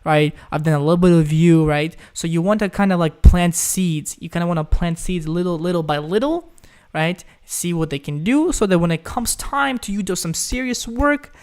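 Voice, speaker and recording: Young male live-stream host, from Ukraine, smooth slightly high voice, loose chatty delivery answering viewer questions. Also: moderate pace, few pauses, darkish tone. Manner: chatty, reads chat questions aloud, says "guys" often. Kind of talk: casual live Q&A.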